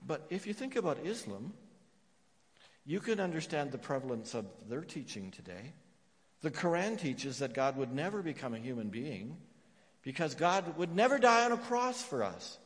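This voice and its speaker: A man preaching a sermon as pastor, emphatic, dropping to hushed repeated phrases. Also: on the high side. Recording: long reverb of a church hall.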